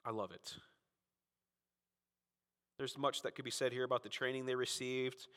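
A man from Florida preaching a Sunday sermon as pastor, emphatic and fervent, swinging between loud peaks and quiet asides. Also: big-room sound. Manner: emphatic, rising to fervent peaks then dropping low.

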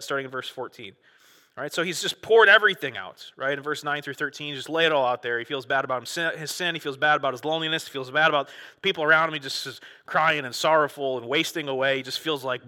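A man preaching a sermon in a casual, conversational way, acting out quoted prayers with a rising, excited voice. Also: on the high side, fast, in a large hall. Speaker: pastor.

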